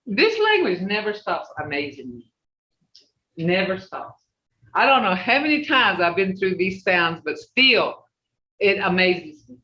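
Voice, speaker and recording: A language teacher leading an online class, sounding out syllables slowly, one at a time. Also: mid-range voice, very animated. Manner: slow, drawn-out syllable drilling. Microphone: video call. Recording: echoey, dull video call audio.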